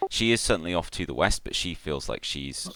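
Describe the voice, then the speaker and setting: A man with a very deep voice narrates as game master in a tabletop role-playing game. His tone is bright and forward despite the low pitch, and he describes the scenery with frequent ums. The sound is dry and close. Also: animated, a little fast, no echo, faint music behind.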